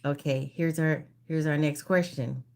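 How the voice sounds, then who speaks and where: Woman quiz host on a casual live stream. Unhurried reads, repeats each question. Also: low voice, fairly even intonation, gravelly, a little mellow. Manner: reads questions slowly and repeats them, greets viewers by name. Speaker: livestream trivia host.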